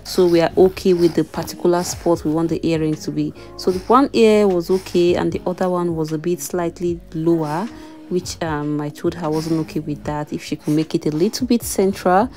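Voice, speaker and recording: A woman's voice: fairly low pitch, fairly even intonation, brisk, darkish tone, soft background music. A young adult woman chatting casually in a voice-over about her baby's ear piercing, breaking into small laughs.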